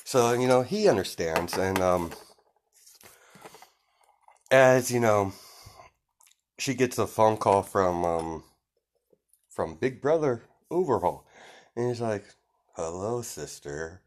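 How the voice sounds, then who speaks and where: A man's voice: lowish voice, lively intonation, slow pace, long pauses. A man casually improvising a fan story, rambling with lots of fillers and frequent chuckles.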